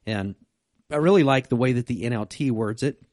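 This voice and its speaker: A middle-aged man, a pastor co-hosting a podcast, chatting casually and telling stories in a relaxed way. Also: medium pitch, brisk, dry recording, clean studio sound. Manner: storytelling, relaxed and conversational. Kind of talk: casual chat.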